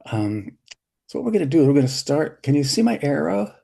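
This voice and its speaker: A middle-aged man with a gentle, hesitant, gravelly voice, leading a therapy session demonstration with many restarts. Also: on the high side, big pitch swings, fairly quick. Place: symposium hall, hybrid session.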